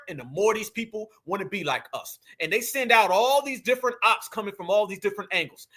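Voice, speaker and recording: A man's voice: high-pitched, pushed and bright. A man hosting commentary, talking heatedly and preachily, often calling his listeners family. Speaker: commentary channel host. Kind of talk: heated commentary reacting to a clip.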